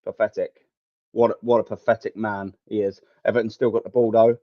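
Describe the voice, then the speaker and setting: Through a dull, lo-fi home mic with no room sound, a young man's lowish voice hurries along a bit quickly with little pitch variation. He's hosting a live football watchalong, grumbling to chat in a sweary, meandering, fed-up rant.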